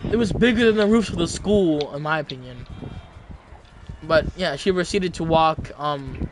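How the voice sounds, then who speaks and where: A young man tells a casual story in a rambling way, often restarting his sentences and leaning on fillers. His voice sits a little high for a man. A steady background noise runs under the recording. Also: moderate pace.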